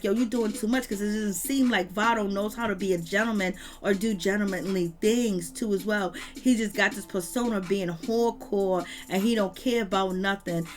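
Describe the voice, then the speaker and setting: Woman doing a casual tv recap vlog, mid-pitched, slangy and emphatic. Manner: slangy, emphatic, repetitive lists; retells scenes with quoted voices. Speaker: reality TV recap commentator.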